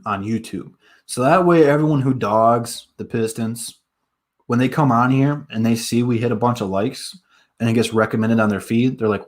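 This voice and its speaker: Young male sports streamer from the Detroit area, hyped and chatty, mid-pitched voice, casual live talk. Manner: hyped, talks straight to viewers with fillers.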